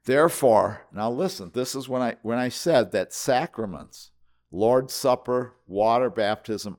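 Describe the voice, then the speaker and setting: A pastor preaching a sermon, emphatic, stretching key words and dropping suddenly quiet, often repeating himself as he restarts. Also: medium pitch, unhurried.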